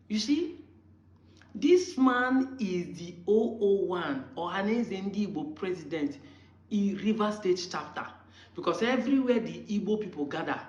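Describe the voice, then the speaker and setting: A Nigerian man giving impassioned commentary, arguing hard and firing rhetorical questions at his critics. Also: on the high side. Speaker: political commentator. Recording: roomy, dull lo-fi recording.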